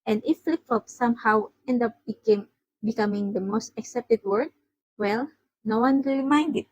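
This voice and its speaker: A woman's voice: on the high side, normal speed, slightly rough, no room sound, rough recording. A woman with an Indonesian accent reading a fan story aloud as an amateur podfic reader. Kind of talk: fan fiction read aloud.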